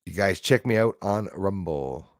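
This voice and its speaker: Expressive and unhurried, this low-voiced Canadian livestream host reads comments, rambling casually with lots of fillers while thanking his viewers. The sound is clean studio audio with no echo.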